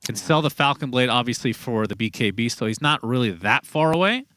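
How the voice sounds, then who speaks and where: A male esports commentator calling a live match play-by-play in a quick, chatty way that gets excited in fights. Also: medium pitch.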